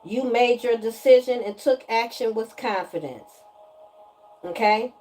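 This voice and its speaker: A woman giving a casual spiritual energy reading to viewers, animated and emphatic, often repeating her lines and slipping into slang. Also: a little high, measured pace, faint music behind. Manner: animated, breaks into singing, emphatic and preachy.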